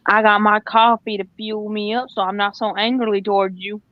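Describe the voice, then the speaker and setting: A woman co-hosting a livestream, joking and deadpan teasing. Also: medium pitch, brisk, highs cut off, noisy background. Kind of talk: casual livestream chat.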